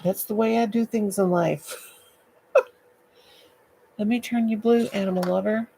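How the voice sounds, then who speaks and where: An older woman hosts a late-night livestream from home, chatting goofily with viewers and greeting them by name into her laptop. Her mid-range voice is steady, slow, creaky, and dark, and the poor audio carries a little hiss or hum.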